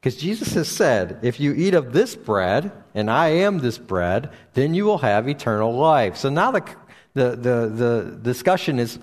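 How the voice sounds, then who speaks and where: Man preaching in a reverberant hall. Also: very animated. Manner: halting, with frequent restarts and fillers; rises in pitch for emphasis when paraphrasing. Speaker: pastor. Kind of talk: sermon.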